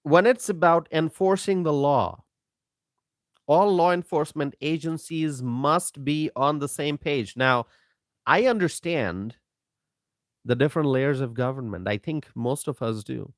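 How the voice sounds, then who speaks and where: On a political commentary live stream, a man with a fairly high voice speaks slowly and emphatically, repeating himself and greeting viewers by name. The sound is clean studio audio with no echo.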